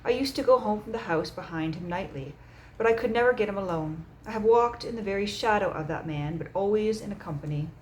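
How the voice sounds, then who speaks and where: A woman voicing a calm, measured man who leads a secret society, speaking gently and matter-of-fact in an audiobook reading. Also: mid-range voice, a little hiss or hum, close to an everyday voice, poor audio.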